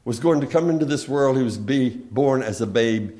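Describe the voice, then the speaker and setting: Emphatic, slow-building man preaching. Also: medium pitch. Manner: slow and emphatic, swelling loud then dropping very soft; plainspoken storytelling of scripture. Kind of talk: sermon.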